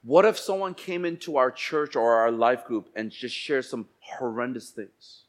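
Preaching in church, this male pastor has an animated, mid-range voice. He moves from quiet, slow passages to loud outbursts and performs quoted voices.

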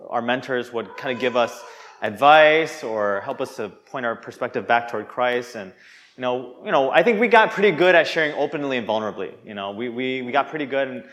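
A man's voice: mid-range voice, animated, brisk, a bit bright. A young man preaching a sermon in an earnest, conversational way, often restarting his sentences.

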